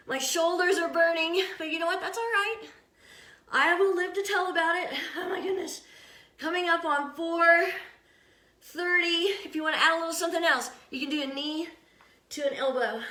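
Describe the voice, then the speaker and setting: A woman's voice: extremely high pitch, normal speed, long pauses, bright, forceful tone. An older woman leading a home workout, upbeat and encouraging, often laughing between counts. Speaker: fitness instructor. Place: room at home. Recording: echoey room.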